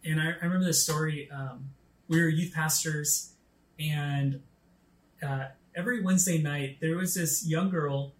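A man preaching a sermon, telling a story from his youth pastor days and acting out the dialogue with lively energy. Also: measured pace, reverberant. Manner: animated, acts out quoted dialogue with rising pitch.

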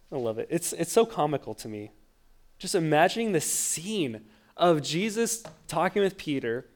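A man preaching a sermon, telling the story with lively acted-out quotes and frequent stammered restarts. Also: on the high side, measured pace, long pauses. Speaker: pastor.

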